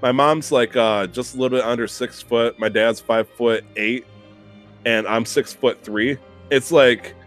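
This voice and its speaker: A man's voice: mid-range voice, fairly even intonation, normal speed. Young male podcast host, casual and profane, self-mocking storyteller, faint music under him.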